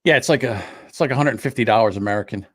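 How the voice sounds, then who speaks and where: A man's voice: medium pitch, racing, fairly bright tone, dry recording. Man, mid-range voice, podcast co-host, sarcastic wisecracks, dry close mic. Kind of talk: casual chat.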